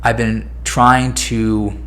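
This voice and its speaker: A man's voice: fairly low pitch, level tone, very slow, fairly bright tone, slight background noise. A man in his twenties hosting a personal podcast, speaking candidly and emotionally and swearing freely. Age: 20s. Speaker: podcast host.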